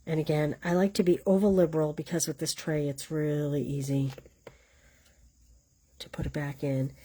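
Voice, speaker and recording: This live craft demonstration features a Boston-accented woman leading a card-stamping class, chatting and poking fun at herself as she walks through every step. She speaks at a normal speed in a low-pitched, warm voice with a flat delivery.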